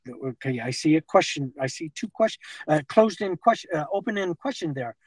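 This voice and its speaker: Middle-aged man, rambling and halting, slightly high voice, dry close sound. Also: lively intonation, dry recording, poor audio. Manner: rambling, halting, nervous laughter. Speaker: confronted man. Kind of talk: nervous rambling talk. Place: parked car outside a fast-food restaurant.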